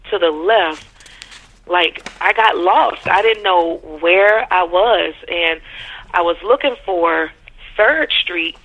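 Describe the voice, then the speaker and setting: A caller calmly retelling a dream in casual speech, often pausing with fillers and restarting sentences. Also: medium pitch. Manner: hesitant, with frequent fillers and restarts. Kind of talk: casual spoken storytelling. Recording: narrow telephone line.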